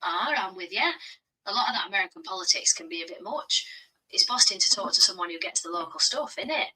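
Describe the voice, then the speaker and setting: A woman's voice: fairly low pitch, expressive, quick pace, pushed and bright, husky, far from the mic, poor audio. A synthetic female assistant voice with a Black Country accent, answering in a friendly, slangy way and calling people bro. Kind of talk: chatty AI assistant replies.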